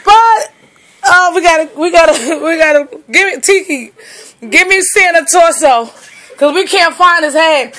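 A woman's voice: very high voice, normal speed, sharp tone. A woman filming her dog at home on a phone, mock-mourning a chewed toy and scolding the dog with theatrical drama. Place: at home indoors.

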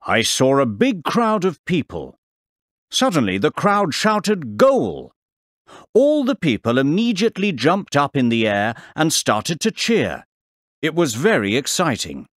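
A man playing a professor who tells children what he saw, in a slow, clear and very expressive storytelling voice. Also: fairly high pitch, no echo, clean studio sound. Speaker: voice actor on a course audio CD. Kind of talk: scripted storytelling for young learners. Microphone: close studio mic, dry.

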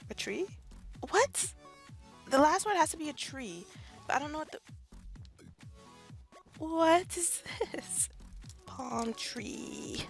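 A woman's voice: high-pitched, animated, takes it slowly, vocal fry, pauses often, soft background music. A young woman casually commenting on her gameplay, chatty and self-deprecating, often laughing. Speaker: gaming YouTuber. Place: bedroom at home.

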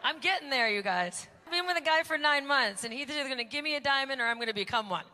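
A woman's voice: high voice, expressive, fast talker. A woman emceeing a conference, joking and poking fun at herself before an audience. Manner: joking, self-mocking. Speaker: event emcee. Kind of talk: stand-up style stage hosting. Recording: live event with crowd and noise.

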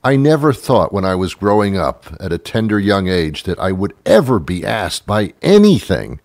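A man's voice: sits low, big pitch swings, normal speed, hardly any pauses, a little mellow, dry recording. A man hosting a comedy show, delivering an exasperated, sarcastic rant in a dry close recording. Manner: exasperated, sarcastic, mimics voices. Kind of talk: comic rant monologue.

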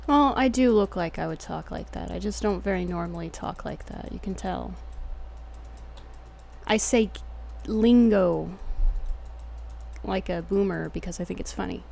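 A woman's voice: fairly low pitch, unhurried, creaky, pauses often, darkish tone, a little hiss or hum. A young woman with a Texan accent chatting casually and jokingly while streaming a game, slangy and swearing freely. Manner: laid-back, jokey, slangy, swears casually. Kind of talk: casual gameplay commentary.

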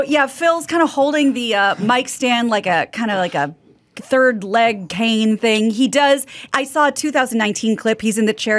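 Animated woman reading celebrity news. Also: fairly high pitch. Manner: chatty, animated, agreeable. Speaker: news reader on a podcast. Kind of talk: casual news chat.

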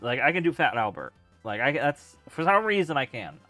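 A man hosts a late-night gaming stream through a headset mic, chatting casually and laughing. His pitch moves around a lot as he talks. Faint background music sits under the voice. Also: sing-song, moderate pace, pushed and bright, no room sound. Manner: chatty, laughing, playful about doing voices. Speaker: streamer host.

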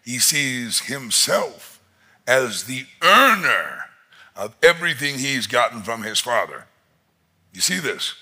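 Slow, husky-voiced preaching man. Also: mid-range voice. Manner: expressive preaching, rising to loud emphatic peaks. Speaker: pastor. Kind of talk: sermon.

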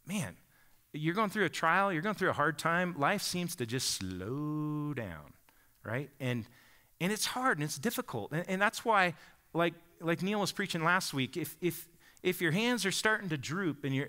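Man, 40s, pastor, sermon, conversational storytelling, lively rising and falling pitch. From Bend, Oregon. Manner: conversational storytelling, often asks the congregation "right?".

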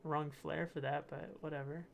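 A young man with a gravelly, slightly high voice hosts his channel in a loose, rambling way. He laughs often and trips over his own words as he reads, with a faint hiss beneath him. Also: little pitch movement, moderate pace. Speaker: channel host. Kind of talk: casual commentary reading posts.

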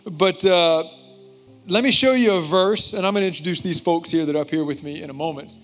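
Pastor, male, slightly higher voice, easygoing and joking with the congregation, faint music behind. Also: brisk. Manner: casual, joking, with y'all and fillers. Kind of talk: church service address.

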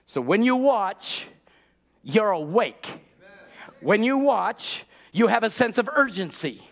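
A man's voice: sits high, expressive, slow, creaky. A man preaching a sermon to his congregation, urgent and exhorting, repeating key words and asking rhetorical questions. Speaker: pastor.

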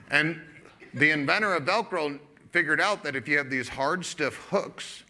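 There's slight background noise as a male pastor delivers a sermon in a medium-pitched voice. He tells an animated story conversationally, filling in with verbal fillers and performing the dialogue from both sides.

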